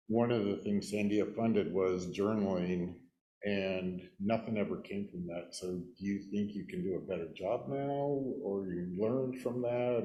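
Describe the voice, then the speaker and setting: A man in the audience at a conference asking questions, halting and rephrasing as he goes. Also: on the low side, warm tone, roomy sound, highs cut off. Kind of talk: conference Q&A discussion. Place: conference room.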